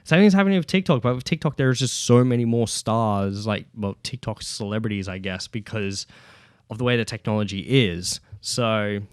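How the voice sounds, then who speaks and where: A man's voice: lowish voice, expressive, moderate pace, clear, resonant tone, dry recording, studio quality. Swearing, rambling man. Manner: rambling, heavy swearing, lots of fillers. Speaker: podcast host. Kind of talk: casual solo podcast rant. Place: at home with his child nearby. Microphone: podcast microphone.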